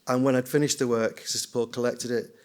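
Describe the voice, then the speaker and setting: A man's voice: mid-range voice, flat delivery, fairly quick, darkish tone. An older man, a screenwriter and children's writer, giving an anecdotal, self-deprecating conference talk and mimicking voices. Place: conference hall.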